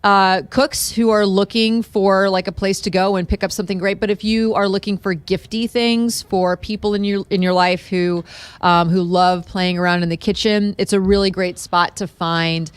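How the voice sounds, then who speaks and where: Radio guest lady, smooth clear voice, says like a lot, dry studio sound. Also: mid-range voice, fairly even intonation, normal speed, no echo. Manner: chatty, many fillers like "like" and "um". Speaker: magazine editor guest. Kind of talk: casual radio chat.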